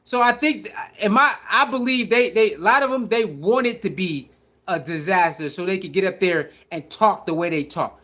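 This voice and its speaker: This man's voice sits high and sounds bright and forceful at normal speed as he hosts laid-back sports reaction commentary. Slangy and repetitive, he keeps calling out to his viewers.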